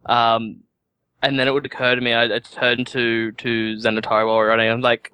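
A man's voice: medium pitch, level tone, fairly quick, bright, forceful tone, clear, resonant tone. A man playing a tabletop game, hesitant and full of ums and likes. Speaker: player.

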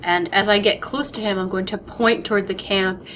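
A woman playing a tabletop game, briskly declaring her character's actions. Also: mid-range voice, fairly even intonation, a bit bright, slight background noise. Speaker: player.

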